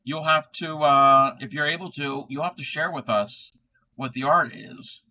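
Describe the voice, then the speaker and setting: A man crocheting during a livestream chats casually, reading the chat aloud and laughing often. His voice is medium-pitched with a sharp tone, and the recording quality is low.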